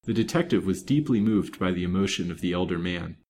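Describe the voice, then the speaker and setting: A man reading a serialized novel aloud in a measured, expressive way. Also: low-pitched, a little hiss or hum. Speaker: storytime reader.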